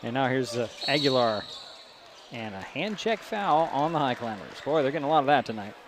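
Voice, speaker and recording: A man giving brisk, chatty play-by-play of a high school basketball game, rising at big plays. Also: expressive. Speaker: play-by-play announcer. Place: school gym. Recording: gym noise behind broadcast mic.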